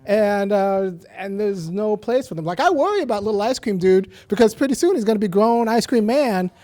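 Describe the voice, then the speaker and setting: A man's voice: high-pitched, darkish tone. A man hosting a panel, speaking in a wry, casual way and laughing between points. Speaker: panel host.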